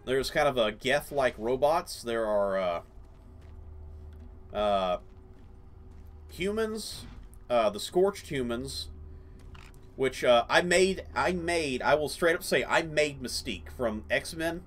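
A man's voice: medium pitch, lively intonation, slow pace, long pauses, fairly bright tone. A man hosting a gaming channel, rambling through casual let's-play commentary with many fillers. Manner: rambling, lots of fillers and laughs.

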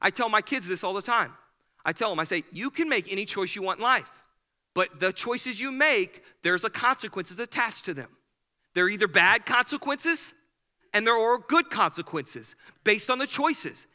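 High bright-voiced preaching pastor. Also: male voice, normal speed. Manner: energetic, preachy, acts out quoted people. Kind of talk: sermon. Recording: hall reverb.

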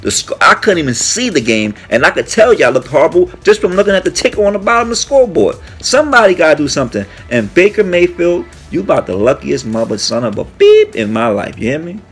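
A man hosting a sports talk show in a casual, profane monologue, giving brash shout-outs and trash talk. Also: fairly high pitch, wildly swooping pitch, fast talker, few pauses, breathy edge, faint music behind. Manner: hums "mm, mm" between topics. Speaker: sports radio host.

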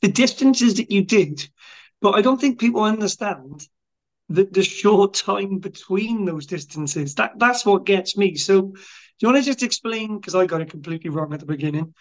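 A man's voice: high voice, lively intonation, moderate pace. A man hosting a podcast, asking questions in an enthusiastic, matey way during a casual interview. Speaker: podcast host. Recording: dull lo-fi audio.

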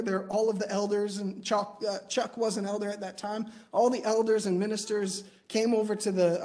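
A man preaching in church, telling personal stories with light humor in a conversational way. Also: high-pitched. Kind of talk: sermon. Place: church auditorium.

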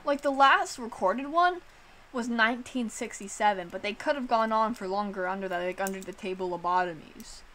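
A woman streamer chatting casually, animated and swearing, filling her talk with "like.". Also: medium pitch, moderate pace. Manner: animated, swearing, heavy use of "like".

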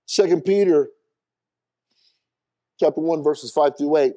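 A man, preaching a sermon as a pastor. He swings from loud high bursts to quieter asides, repeats words and calls out questions to the congregation. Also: a little slow.

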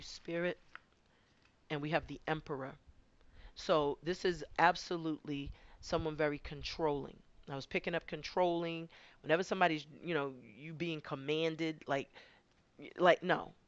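A woman's voice: low-pitched, fairly even intonation, moderate pace, no echo, lo-fi sound. A woman giving a conversational spiritual tarot reading, rambling and often repeating her words. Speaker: tarot card reader.

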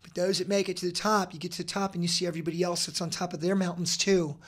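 A middle-aged man talking as a podcast guest, earnest and energetic, with many fillers and restarts. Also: high voice, fast. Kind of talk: casual interview talk.

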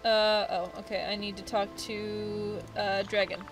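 A woman's voice: mid-range voice, level tone, unhurried, over music. A woman giving casual let's play commentary, chatty and thinking aloud, with the odd swear.

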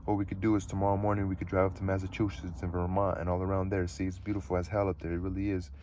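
A restless, cynical teenage boy, read aloud by a man gripes and swears about everything, pushing into excited pleading. The voice stays low and deep, the pace quick, the melody fairly flat. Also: slight background noise, close to an everyday voice. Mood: griping.

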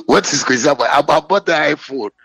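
A Ghanaian man with a Ghanaian English accent rants indignantly and brags while answering a critic, his pitch climbing when he gets worked up. He talks fast in a gravelly, husky, pushed and bright voice, with no echo on a rough recording.

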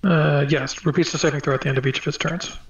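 A man's voice: on the high side, steady tone, fast, a little hiss or hum. A man playing a tabletop game, talking in a hesitant way. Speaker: player. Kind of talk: casual tabletop play. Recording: distant dull echoey mic.

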